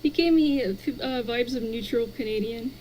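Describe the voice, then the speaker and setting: A woman streamer chatting as a guest with dry, deadpan humor. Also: fairly high pitch, moderate pace, a little hiss or hum, rough recording. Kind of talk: casual chat.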